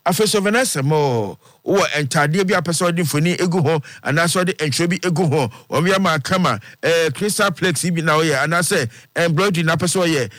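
A man's voice: on the high side, fairly bright tone, dry recording. Ghanaian man reading radio news and ads. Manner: brisk, rhythmic delivery, repeating phone numbers. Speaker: radio news presenter and ad reader.

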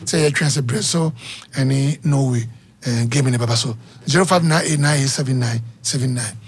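A man with a Ghanaian accent hosting a live sports call-in radio show, energetic and chatty, repeating the phone number. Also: medium pitch, normal speed, breathy edge. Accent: Ghanaian English.

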